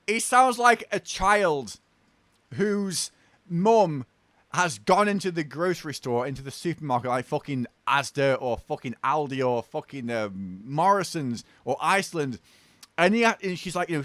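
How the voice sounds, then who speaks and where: A man's voice: on the high side, animated, unhurried, fairly bright tone, no echo. A British man hosting a reaction video, mocking and swearing in an exasperated rant.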